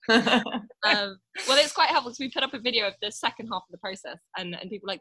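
A woman who talks fast in a bright, slightly low voice. She explains things in animated detail as a podcast guest, and the recording is dry and close. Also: slightly rough, no room sound, poor audio. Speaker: guest, food blogger. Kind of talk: casual podcast chat.

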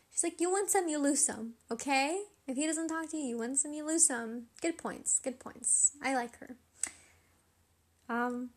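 Chatty young woman, rambling podcast talk. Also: fairly high pitch. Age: young adult. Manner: chatty, rambling, self-questioning; laughs often while talking. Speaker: podcast host. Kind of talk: casual solo podcast chat.

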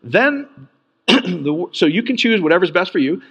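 A man preaching a sermon in an animated way, jumping from loud bursts to quiet asides. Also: measured pace, slightly rough, in a large hall, lo-fi sound. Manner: animated, swings from loud peaks to low asides.

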